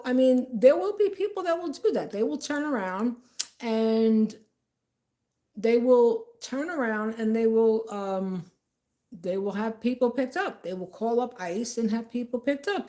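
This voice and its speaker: A woman's voice: on the high side, mellow. A woman telling a story in a rambling, tangential, indignant way. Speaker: vlogger. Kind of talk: casual storytelling.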